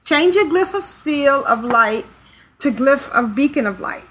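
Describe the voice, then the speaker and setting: A woman co-hosts a podcast in a casual, easygoing way and laughs readily. Her voice is high and bright, with faint noise behind it. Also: lively intonation, unhurried, rough recording. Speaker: podcast co-host reading listener emails.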